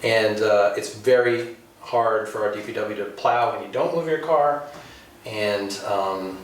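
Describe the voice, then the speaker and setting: A man giving announcements at a village board meeting, speaking in a halting way with many ums and uhs. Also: fairly low pitch, a little hiss or hum. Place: village hall meeting room. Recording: echoey room, distant mic.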